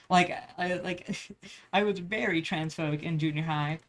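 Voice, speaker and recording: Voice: mid-range voice, measured pace, fairly bright tone, slight background noise. Young vlogger, loose rambling chat while drawing, swears a lot. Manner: rambling, profane, many restarts.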